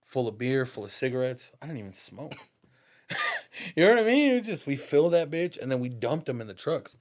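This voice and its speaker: This man's mid-range voice swings widely in pitch and runs a little fast as he guests on a podcast. He tells stories in a casual, cursing, slang-filled way, calls the listener "dog," and laughs throughout.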